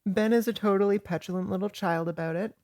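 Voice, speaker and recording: A woman co-hosting a podcast, recapping scenes in a wry, expressive, casual way. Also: medium pitch, fast talker. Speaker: podcast co-host.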